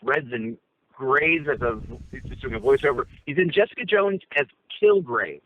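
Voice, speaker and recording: A man's voice: medium pitch, lively intonation, normal speed, no echo. A man co-hosting a casual chat from a parked car, talking through his phone and rambling with many fillers and restarts. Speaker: co-host. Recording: tinny phone line.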